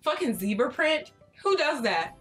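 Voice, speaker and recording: Young woman reacting, super high and swoopy, shrieks and laughs and cusses, music going behind. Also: measured pace. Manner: excitable, shrieking and laughing, swears a lot. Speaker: reaction channel host. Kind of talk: casual reaction chat.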